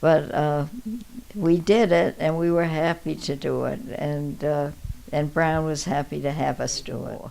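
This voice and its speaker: An older woman telling stories from her life in an interview, halting, with many restarts and pauses, and laughing as she recalls them. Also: low-pitched, steady tone, creaky, a little mellow, a little hiss or hum. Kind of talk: reminiscing storytelling.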